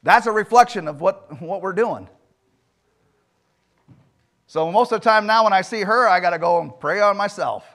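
Male pastor, high voice, emphatic sermon in a church, swings loud and soft. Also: moderate pace, long pauses. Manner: emphatic preaching with rhetorical questions and sudden loud swings. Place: church sanctuary.

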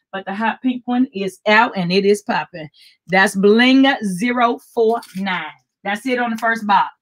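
Older woman, live-stream jewelry host, chatty and repetitive, somewhat high voice. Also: a bit bright. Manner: chatty, repeats item codes, greets viewers by name.

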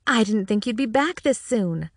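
A friendly older waitress, voiced by a woman reading an audiobook, teases in a bright, playful voice pitched well above the narrator's own. The reading is dry and close to the mic. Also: animated, moderate pace, no echo. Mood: teasing. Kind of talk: audiobook character voice.

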